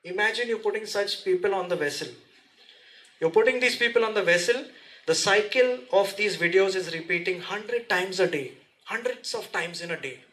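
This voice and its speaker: A man giving a lively seminar talk, asking the audience questions and speaking to them directly. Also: high-pitched, normal speed, rough recording. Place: seminar room.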